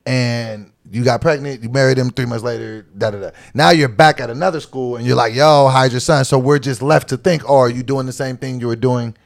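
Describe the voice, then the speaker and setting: Guy in his 30s chatting on a podcast, animated, jumps up high when he quotes people. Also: a little fast, gravelly, hardly any pauses. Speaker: podcast co-host. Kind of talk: casual chat.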